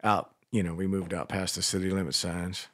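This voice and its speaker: A man's voice: low voice, level tone, fairly quick, fairly bright tone, dry recording, clean studio sound. An older man co-hosting a radio show, telling rambling stories full of swearing in casual banter. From Washington, D.C. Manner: profane, rambling storyteller. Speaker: radio co-host.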